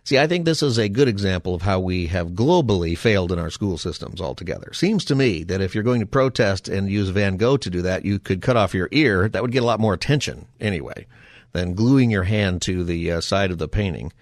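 A man's voice: deep voice, expressive, brisk, dry recording, clean studio sound. A man hosting a call-in radio talk show, rambling through topics with wry, folksy asides. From Southern California. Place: radio studio.

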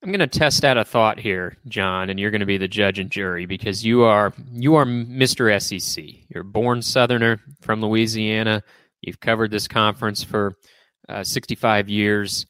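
A man's voice: lowish voice, moderate pace, a bit bright, smooth, no room sound. A man hosting a sports talk show, opinionated and playfully teasing as he trades takes with his co-host.

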